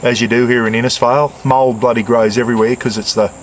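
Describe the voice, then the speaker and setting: A retired Australian bloke in his sixties chats away while he cooks on an outdoor camp stove. His talk rambles and wanders in an easygoing way, with "bloody" dropped all through it. His voice sits at an ordinary middle pitch, and faint outdoor noise hums behind him. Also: flat delivery, fairly quick. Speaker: cooking vlogger. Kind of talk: casual outdoor camp cooking chat.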